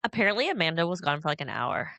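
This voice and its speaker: A woman's voice: on the low side, big pitch swings, fast, fairly bright tone, dry recording. Young woman, podcast co-host, chatty and giggly, dry close sound. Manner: chatty, lots of likes and laughs. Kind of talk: casual chat.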